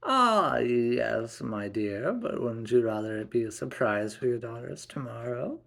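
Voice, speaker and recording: A man's voice: medium pitch, animated, a little slow, gravelly, a bit bright. A man voicing a sweet, doting seamstress who calls customers "my dear".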